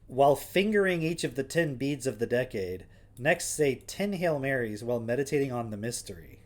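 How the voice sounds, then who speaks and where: A man's voice: mid-range voice, lively intonation, moderate pace. A man hosting a livestream, reading passages aloud and breaking off with wry, sarcastic questions in a casual chat style. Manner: wry, sarcastic asides between read passages. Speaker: livestream host.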